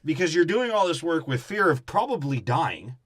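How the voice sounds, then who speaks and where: A man's voice: fairly high pitch, big pitch swings, normal speed, husky, no echo, clean studio sound. A man co-hosting a podcast, riffing on a movie plot in crude, profane casual chat. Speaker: podcast co-host.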